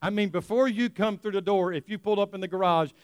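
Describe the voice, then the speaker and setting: A male pastor preaching a lively sermon, laughing often and acting out scenes for the congregation. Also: sits high, quick pace, clean tone, no room sound. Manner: animated, laughing often, acting out an excited dog.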